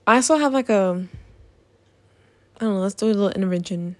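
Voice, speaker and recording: A woman's voice: mid-range voice, fairly quick, no room sound. A young woman in a casual vlog, ranting in an exasperated, profane way about things that annoy her. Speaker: vlogger.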